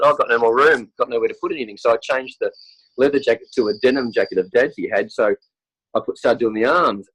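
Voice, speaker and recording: Fast-talking Australian man with a cold. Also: mid-range voice, fairly bright tone, slightly rough, poor audio. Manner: rambling, chatty storytelling with many fillers. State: has a cold, clears throat. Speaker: interview guest, football superfan. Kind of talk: casual chat.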